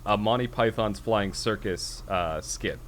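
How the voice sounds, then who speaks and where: A man's voice: lowish voice, a little slow, slight background noise. A man co-hosting a casual podcast chat, rambling and self-deprecating, laughing often. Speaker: podcast co-host.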